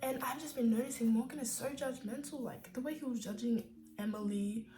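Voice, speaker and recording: A woman's voice: on the high side, a little fast, over music. A young woman vlogging in a casual, sassy, opinionated rant, full of fillers like "like" and "you know.". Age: young adult. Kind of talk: casual ranting vlog.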